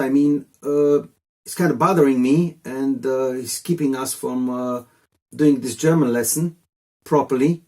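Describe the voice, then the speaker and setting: Mellow-voiced man teaching casually. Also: medium pitch, unhurried. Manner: rambling, chatty, jokey asides. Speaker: language teacher. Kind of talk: casual video lesson.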